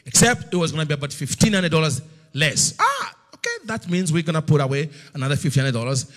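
A middle-aged male preacher telling a story in a sermon, swinging between loud slow outbursts and hushed near-whispers. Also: fairly high pitch, very animated. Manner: storytelling, acts out God's voice in loud slow bursts.

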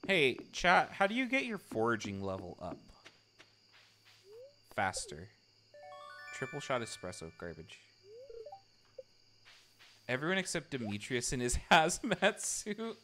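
A male streamer chatting casually with his viewers while playing, excitable and swearing freely as he reacts to the game. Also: fairly high pitch, unhurried, long pauses, faint music behind. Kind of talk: casual live gameplay chat.

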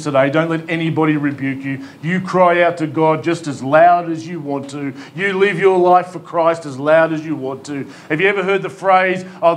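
A man with an Australian accent, a pastor preaching a sermon in an emphatic, pleading way, with rhetorical questions and humor. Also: a little high. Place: church hall.

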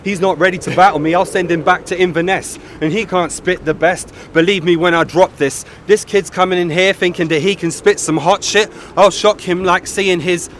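Man from England, battle rapper with a cold, boastful, high-ish voice, outdoors, faint noise. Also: steady tone, moderate pace, few pauses, a bit bright. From Ipswich, England. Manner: aggressive, boastful. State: has a cold. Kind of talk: rap battle verses. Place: outdoors on a city street.

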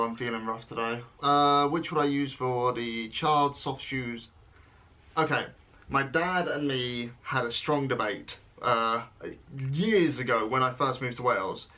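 A man's voice: mid-range voice, bright, forceful tone. A young British man in his twenties, talking through an online quiz in a playful, self-mocking vlog. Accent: British English. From England. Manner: playful and self-mocking, with jokey dramatic pauses. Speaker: vlogger. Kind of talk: casual vlog, reading quiz questions aloud.

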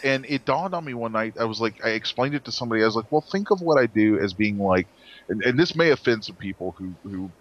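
A man's voice: lowish voice, lively intonation, fast talker, lo-fi sound. A man designer telling stories in a casual interview, rambling with restarts and acted-out quotes.

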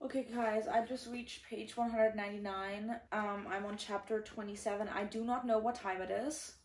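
A woman's voice: mid-range voice, fairly even intonation, normal speed, hardly any pauses. A tired young woman chatting casually as a book vlogger, rambling and reacting dramatically. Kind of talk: casual vlog chat. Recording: echoey room.

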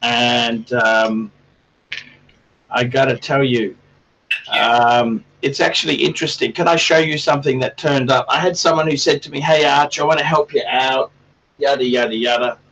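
A man's voice: medium pitch, fairly even intonation, moderate pace, a bit bright, recorded from a distance, dull audio, slight background noise. A man hosting a casual livestream chat, rambling and swearing a lot in a crude way. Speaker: livestream host.

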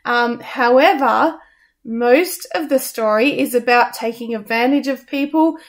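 A woman co-hosting a radio show, reviewing a stage musical in a casual, halting way with many ums. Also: fairly high pitch. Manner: hesitant, many ums and restarts.

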